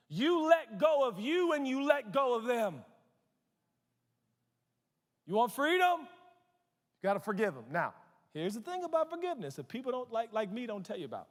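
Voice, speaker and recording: High-voiced preacher in an echoing hall. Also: male voice. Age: 40s. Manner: animated, joking, conversational preaching. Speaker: pastor. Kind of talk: sermon. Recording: long hall reverb.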